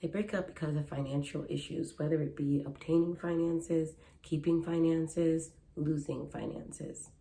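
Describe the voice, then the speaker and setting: A young woman speaks in a casual advice vlog, earnest and chatty, driving her points home through repetition. Her voice sits slightly low and sounds warm and mellow. A faint ambient hum stays under her throughout. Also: fairly even intonation, normal speed, few pauses. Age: young adult. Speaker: matchmaker.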